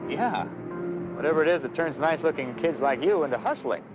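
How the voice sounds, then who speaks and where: A man's voice: fairly high pitch, expressive, fairly quick, muffled recording, lightly acted. An actor playing a stern police detective who questions and lectures a young woman on a street. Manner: firm, lecturing. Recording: old TV drama with music behind.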